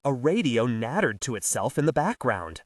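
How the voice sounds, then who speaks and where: A man narrating an audiobook in an expressive storytelling manner. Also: mid-range voice, moderate pace, dry recording, recorded from a distance. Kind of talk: scripted narration.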